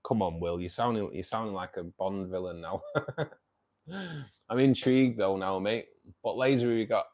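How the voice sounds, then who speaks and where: A man with a low-leaning, slightly mellow voice talks at normal speed on his fishkeeping livestream. Going through viewer comments in a relaxed way, he teases people, cracks jokes, and laughs frequently.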